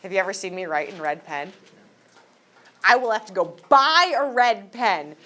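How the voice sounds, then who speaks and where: A woman teaches a high school class, lecturing in a joking, teasing manner and firing questions at her students. She's animated, with a sharp tone and moderate pace.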